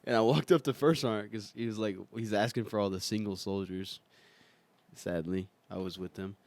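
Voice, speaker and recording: Laid-back young man, low dry voice. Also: steady tone, moderate pace, darkish tone, no room sound. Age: young adult. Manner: laid-back, laughs through his stories. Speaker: guest. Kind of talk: casual chat.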